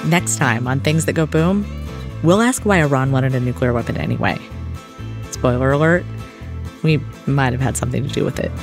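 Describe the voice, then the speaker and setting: A man's voice: medium pitch, lively intonation, normal speed, creaky, over music. A man hosting a podcast, telling a story in scripted documentary narration with a wry touch. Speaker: podcast host.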